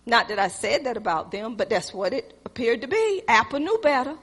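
A woman preacher delivering a sermon in storytelling style, swinging between loud exhortation and quiet asides, recorded in a church. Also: a little high, very animated, a little fast, husky, big-room sound.

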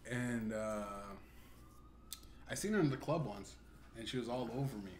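A man's voice: mid-range voice, moderate pace, darkish tone. Laid-back man, echoey room. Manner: laid-back, teasing questions. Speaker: podcast host. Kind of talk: casual drunk podcast chat. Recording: echoey room, faint noise.

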